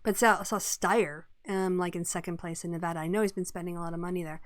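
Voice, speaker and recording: A woman's voice: fairly low pitch, steady tone, fast talker, no echo, clean studio sound. A woman co-hosting a casual political chat show, talkative, laughing often and drifting into tangents. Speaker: podcast co-host.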